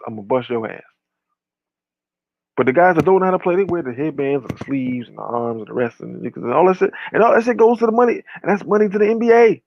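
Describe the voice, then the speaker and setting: A man's voice: high-pitched, no room sound, dull audio. A man giving a casual rant, blunt and profane, piling up long lists.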